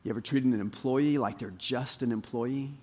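A man preaching a sermon as pastor, animated, rising to emphatic highs and dropping low. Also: moderate pace, husky.

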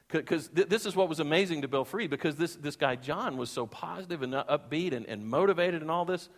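A man's voice: a little high, fairly quick. A male pastor preaching a sermon, telling stories earnestly and repeating phrases for emphasis. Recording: long hall reverb.

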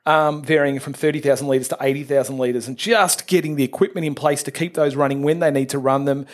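A man hosting a podcast, running through industry news in an upbeat, brisk way. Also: mid-range voice, fairly even intonation. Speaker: podcast host. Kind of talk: casual industry news chat.

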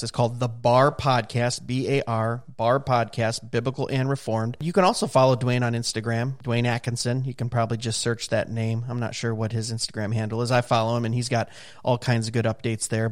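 A man's voice: mid-range voice, dry recording, clean studio sound. A man hosting a podcast, introducing the episode in a loose, chatty way with fillers and asides. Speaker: podcast host.

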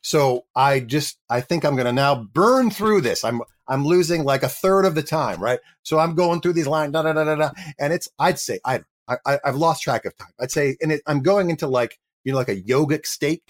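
A man's voice: a little high, moderate pace, hardly any pauses. A middle-aged male actor, a guest on an interview show, telling a funny story and acting out the people in it. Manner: animated storyteller acting out dialogue. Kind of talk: interview anecdote.

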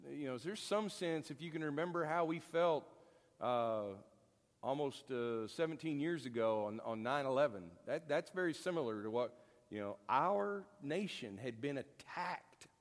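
A man's voice: a little high, animated, moderate pace. A man teaching a Bible lesson in a folksy, conversational, joking way. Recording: long hall reverb.

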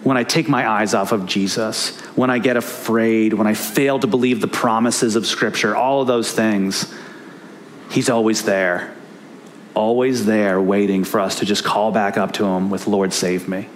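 A man's voice: lowish voice, steady tone, normal speed, a little hiss or hum. A man preaching a sermon as pastor, earnest and emphatic, repeating key phrases for weight.

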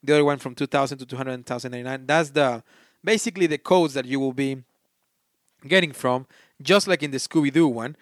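A man with a non-native English accent hosts a board game podcast in a relaxed, chatty way. His voice sits at an ordinary middle pitch, and the recording is dry and close with almost no room sound. He reads game text aloud and breaks off now and then to restart a phrase. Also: brisk, dry recording. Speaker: podcast host. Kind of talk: casual board game review.

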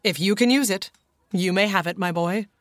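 Woman reading a gentle older mother. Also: mid-range voice, moderate pace, dry recording, natural voice.

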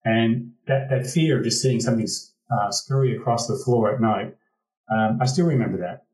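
An American man from the Pacific Northwest tells a reflective personal story conversationally, restarting phrases as he goes. His medium-pitched, darkish voice moves at a moderate pace. He sounds far from the mic in a reverberant space with faint music behind, and the recording is rough.

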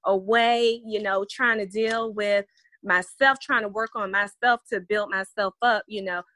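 A woman's voice: medium pitch, fairly even intonation, a little slow, pushed and bright, no echo. Earnest woman teacher, dry close sound. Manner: earnest, reflective, reads letters aloud. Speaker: special education teacher, guest. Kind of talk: heartfelt interview talk.

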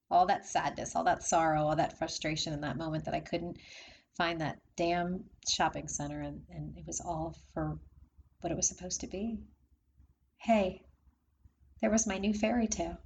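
A woman's voice: on the low side, vocal fry, darkish tone, a little hiss or hum. A middle-aged woman telling a heartfelt personal story in a chatty way, laughing often between lines. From from Maryland area.

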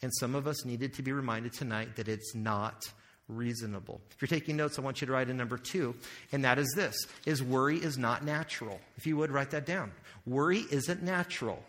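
A man's voice: mid-range voice, brisk, fairly bright tone. A male pastor preaching a sermon in a conversational way, asking the audience questions and making joking asides. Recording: long hall reverb.

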